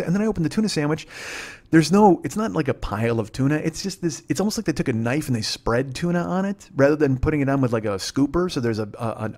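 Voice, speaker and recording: A man's voice: mid-range voice, darkish tone. A male comedian hosting a podcast, telling a rambling story in a profane, self-deprecating way.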